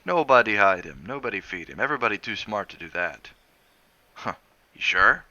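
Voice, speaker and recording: A man voicing a pious, evasive middle-aged island cab driver who speaks slow, broken English. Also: fairly low pitch, animated, pushed and bright, no echo, highs cut off. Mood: earnest.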